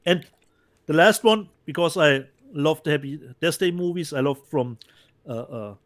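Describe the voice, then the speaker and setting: Halting man co-hosting. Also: on the high side, a bit bright. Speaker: co-host. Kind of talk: casual chat about disc releases.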